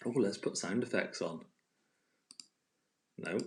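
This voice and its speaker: A man's voice: fairly low pitch, takes it slowly, a little hiss or hum. A man hosting a casual live-stream quiz from home on a phone, chatty and playful, laughing often. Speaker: quiz host.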